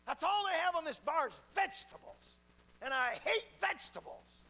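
A man's voice: very animated, moderate pace, pushed and bright, a little hiss or hum, exaggerated voice. A man voicing a short, cranky elderly woman who complains indignantly. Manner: shrill, indignant outburst.

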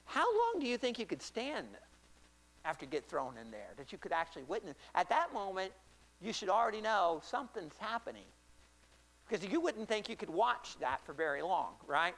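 A man preaching a sermon. He acts out Bible scenes and swings between loud, excited stretches and hushed, quiet ones. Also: high-pitched, moderate pace.

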